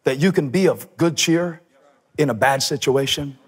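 A man preaching a sermon on a church stage, animated, shouting for emphasis and tossing in joking asides. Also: fairly high pitch, normal speed, slightly rough. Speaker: pastor.

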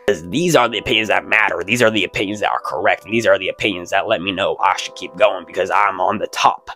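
A man's voice: fairly low pitch, sharp tone. A man hosting his own channel, reading hate comments aloud and ranting back at them in a boastful, mocking and profane way.

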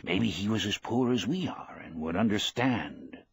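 A man reading the part of an elderly, proud, gentle fisherman, speaking plainly and quietly. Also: on the low side, expressive, measured pace, breathy edge, full character voice.

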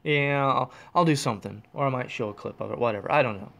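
Recorded through a USB gaming headset in a home room, this podcast host chats alone, drifting, interrupting himself, and chuckling along the way. His medium-pitched voice is quick, a bit bright, and marked by vocal fry.

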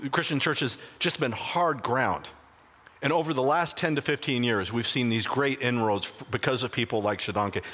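A male pastor telling a story during a sermon, animated and conversational, often restarting his sentences. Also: medium pitch. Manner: animated anecdotal retelling with frequent restarts. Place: church sanctuary. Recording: long reverb of a church hall.

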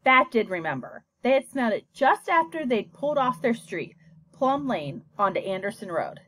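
A woman reading a children's novel aloud as a scripted storybook narration. Her voice is fairly high and very lively in pitch. She reads expressively and evenly. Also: moderate pace, no echo. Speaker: audiobook narrator.

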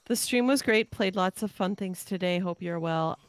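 A woman's voice: on the low side, moderate pace, no room sound. A young woman streaming a survival game, chatting casually, thinking aloud as she builds and thanking viewers from chat. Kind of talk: casual live-stream chat while playing.

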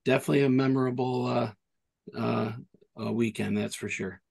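A middle-aged man from Michigan co-hosts a podcast, telling rambling stories in easy chat. His voice is gravelly, with a husky grain, and he restarts sentences as he builds up to his point. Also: mid-range voice, fairly even intonation, moderate pace, a little mellow. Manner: rambling storyteller, restarts often. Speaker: podcast co-host. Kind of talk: casual chat.

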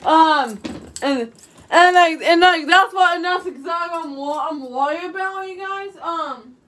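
A young woman chatting to camera from her bedroom in a very high, bright voice. She rambles and circles back, tossing "you guys" into nearly every phrase. Her voice sits a little away from the mic. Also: unhurried, far from the mic. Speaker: vlogger. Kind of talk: casual chat to camera.

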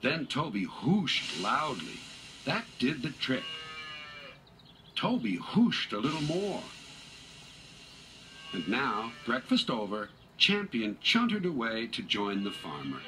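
A man reading a children's railway story aloud in an unhurried, expressive storybook manner. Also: mid-range voice. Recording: music bed under narration.

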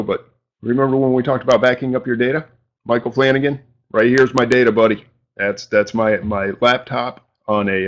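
Guy from new england rambling casually to his stream chat, lowish voice, muffled lo-fi audio. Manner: rambling and informal, with mild slang and self-deprecating asides. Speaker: live-stream show host.

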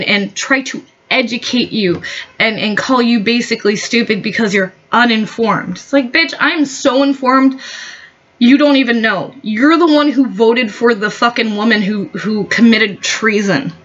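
A woman's voice: fairly high pitch, measured pace, highs cut off. A woman vlogger in a heated, profane, rambling opinion rant.

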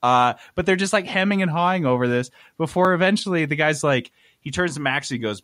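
Animated man telling a story. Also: on the high side, fairly quick, no room sound, clean studio sound. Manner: animated, exasperated, swears freely. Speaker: podcast host. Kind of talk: casual storytelling.

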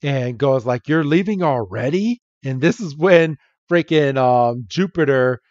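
A man's voice: mid-range voice, expressive, a little slow, darkish tone, dry recording, muffled recording. A man co-hosting a podcast, casually recapping an episode, laughing often and mimicking characters' lines. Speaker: podcast co-host.

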